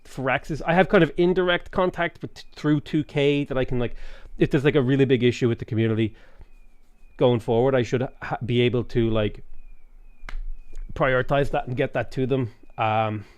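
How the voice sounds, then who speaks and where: A man's voice: medium pitch, steady tone, moderate pace, smooth, dry recording. An Irish man streaming a strategy game, chatting in a rambling, foul-mouthed way and reading out chat. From Ireland. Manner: rambling, swears freely, reads chat aloud. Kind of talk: casual chat while playing a strategy game.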